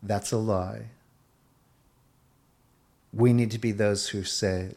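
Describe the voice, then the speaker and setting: Low-voiced man preaching a sermon. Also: steady tone, slow pace, creaky, long pauses, darkish tone. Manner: emphatic preaching with shifting pace, urging listeners. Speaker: pastor.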